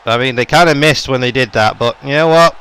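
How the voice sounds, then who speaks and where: A man's voice: medium pitch, fairly quick, a bit bright, smooth. A young man giving running play-by-play commentary on a wrestling video game, his voice jumping up on the big moves. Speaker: gaming YouTuber.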